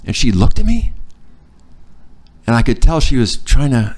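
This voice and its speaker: A man's voice: mid-range voice, moderate pace. A middle-aged man telling stories in a casual chat, cursing freely and acting out what people said. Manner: profane, animated storyteller who acts out quotes. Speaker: podcast guest. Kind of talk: casual storytelling.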